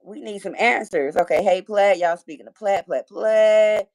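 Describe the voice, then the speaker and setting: This woman in her forties speaks with a Detroit accent at medium pitch and normal speed, her tone a little mellow. She hosts a casual livestream, chatting with viewers and reading their comments in a playful way full of trash talk.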